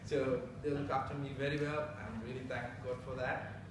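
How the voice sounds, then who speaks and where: A young man from India giving a halting, chatty speech at a citizenship ceremony, laughing often. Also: medium pitch, little pitch movement, background noise. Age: young adult. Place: council meeting room. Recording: echoey council chamber from far off.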